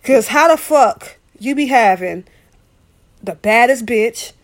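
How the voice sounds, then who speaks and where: A woman's voice: fairly high pitch, lively intonation, slow. A woman co-hosting a casual chat, ranting in a profane, comedic way.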